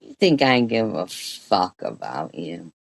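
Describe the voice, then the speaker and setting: Low, slow, profane woman ranting. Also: very animated, no room sound. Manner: profane, scolding rant with frequent throat clearing. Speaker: streamer reacting to a clip. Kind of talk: angry reaction commentary.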